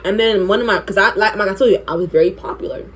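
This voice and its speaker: A young woman vlogger telling an animated, profane story while doing her makeup. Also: mid-range voice, fast talker, slight background noise. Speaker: beauty vlogger.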